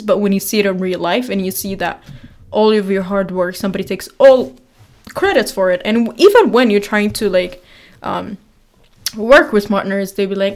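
A young woman in her twenties talks through a casual podcast episode. She rambles with plenty of fillers and laughs often. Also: mid-range voice. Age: 20s. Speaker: podcast host. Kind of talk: casual chat.

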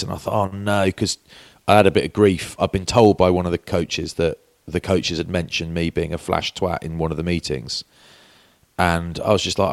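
A man's voice: low voice, fairly even intonation, normal speed, creaky, dry recording, clean studio sound. A middle-aged man from England, a podcast co-host, telling candid stories in casual chat with British slang. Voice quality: British slang, says "mate" and "bloke". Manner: chatty storytelling, candid and warm toward old teammates.

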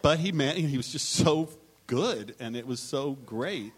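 A man's voice: medium pitch, animated, measured pace, husky. A man on a live writers' panel, telling anecdotes in a rambling, self-interrupting way and acting out quotes.

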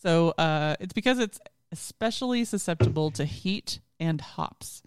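A woman's voice: on the low side, animated, unhurried, darkish tone, clean tone, dry recording, studio quality. A woman co-hosting a casual podcast, reading out beer facts and breaking into giggles. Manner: giggly, laughs through her lines. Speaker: podcast co-host. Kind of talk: casual chat, reading notes on beer microbes.

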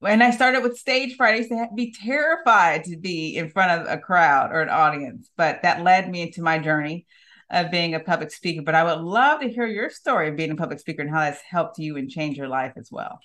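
Low-voiced woman hosting a chat. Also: a little fast, fairly bright tone. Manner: affirming, chatty, lots of agreeing interjections. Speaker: podcast host. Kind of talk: casual interview chat.

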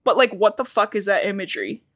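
A woman hosting a casual book-recap podcast, swearing freely and retelling scenes with animated, giggly energy. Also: medium pitch, fast, no echo. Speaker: podcast host.

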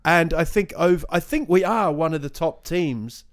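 A man chatting casually about football, rambling and restarting his sentences. His voice sits a little high. The talk flows loosely and informally. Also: moderate pace. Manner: rambling, restarts, many "you know"s.

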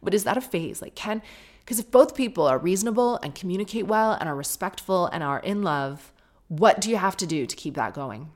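Frank, low-voiced woman podcaster. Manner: frank, chatty, quick to laugh. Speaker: podcast host. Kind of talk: casual chat.

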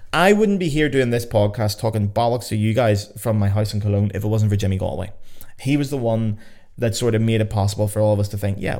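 A Northern Irish man talks at home in a loose, unscripted podcast, with a voice sitting a little low. He is excitable and chatty, and swears freely as he goes. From Northern Ireland. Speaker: podcast host. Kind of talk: casual solo podcast.

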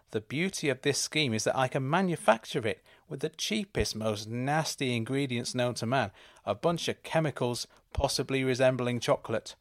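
A man, hosting a podcast and delivering a deadpan comic monologue about absurd schemes. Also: mid-range voice, no echo, studio quality. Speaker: podcast host.

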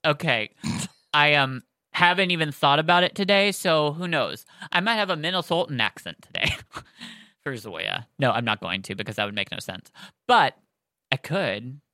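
A podcast co-host chatting excitedly about a book series and reading it aloud, with lots of "like" and fillers. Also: medium pitch, moderate pace, no room sound, studio quality. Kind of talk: excited casual chat and read-aloud.

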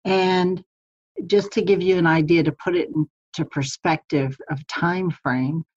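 A woman's voice: on the low side, fairly even intonation, a little slow, darkish tone, husky, highs cut off. A middle-aged woman guest chatting in an interview, laughing often with frequent ums and restarts. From United States. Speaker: podcast guest, publisher. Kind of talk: casual interview chat. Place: home in the mountains of Colorado.

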